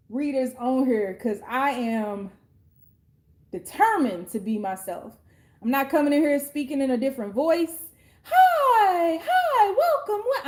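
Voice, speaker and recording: Blunt, sassy high-voiced woman. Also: darkish tone. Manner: slangy, drawn-out street talk. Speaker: tarot card reader. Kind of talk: casual tarot reading monologue.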